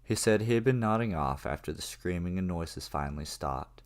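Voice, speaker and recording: A man with an extremely deep, low-pitched voice narrates a horror story. He tells it casually in the first person, with plenty of swearing. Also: lively intonation, normal speed. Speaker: creepypasta narrator.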